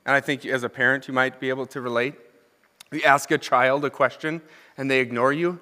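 A man's voice: mid-range voice, steady tone, brisk, pushed and bright. A young adult man, an associate minister, reading scripture and commenting with humor as he preaches, asking the congregation questions. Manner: conversational, asks the congregation questions. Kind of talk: sermon. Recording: long hall reverb.

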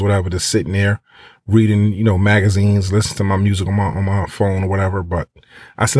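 A man's voice: on the low side, darkish tone, no echo, clean studio sound. A man giving travel advice in a casual, rambling monologue, full of fillers and little acted-out quotes. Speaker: travel tips speaker.

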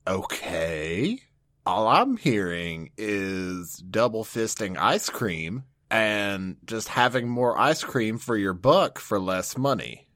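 Very deep-voiced woman, playful and lively. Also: slow, dry recording, clean studio sound. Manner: playful, teasing, jokey reasoning. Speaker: podcast co-host. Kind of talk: casual podcast chat.

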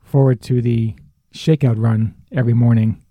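A woman's voice: rumbling low, steady tone, moderate pace, dry recording, narrow, tinny audio. A woman co-hosting a podcast with wry, joking banter. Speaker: podcast co-host. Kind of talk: casual chat.

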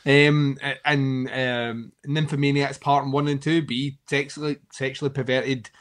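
A man's voice: mid-range voice, flat delivery, unhurried, a bit bright. A man co-hosting a casual film chat, rambling, laughing often and swearing freely.

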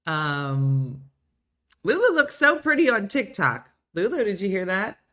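Giggly chatty woman host, lively pitch. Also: unhurried. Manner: giggly, chatty, breaks into playful put-on voices. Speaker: show host. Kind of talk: casual live chat reading viewer comments.

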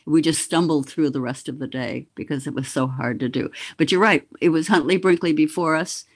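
A woman's voice: low-pitched, fairly quick. An older woman from the Boston area, a former news anchor telling a story as a guest. She tells it vividly and mimics sounds. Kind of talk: reminiscing interview storytelling.

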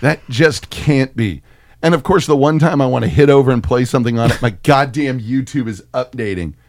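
A man's voice: medium pitch, quick pace, dry recording, clean studio sound. A middle-aged man from Texas co-hosting a podcast, telling stories in casual, profane chat. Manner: profane, animated storytelling. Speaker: podcast co-host.

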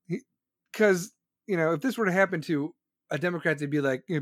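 A man's voice: a little high, a little fast, no echo. A man ranting heatedly about politics on a live stream, swearing constantly and sneering sarcastically, close to the mic. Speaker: political commentator streaming to viewers. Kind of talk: profane live-stream rant.

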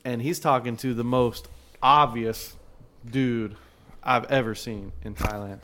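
A man's voice: medium pitch, unhurried. Profane man telling a rowdy bar story. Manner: profane, laughing often, loud when excited. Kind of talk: crude casual storytelling.

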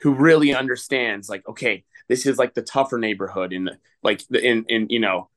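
A man's voice: medium pitch, fairly quick, a bit bright. A man, a filmmaker guest on a podcast, talking casually and rambling with lots of filler words. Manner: rambling, filler-heavy, full of "like". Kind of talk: casual conversation.

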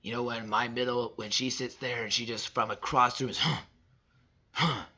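A man in his thirties delivering a personal motivational monologue, emphatic and repetitive, swinging between loud and soft. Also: mid-range voice, little pitch movement, brisk, muffled recording. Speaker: father sharing reflections.

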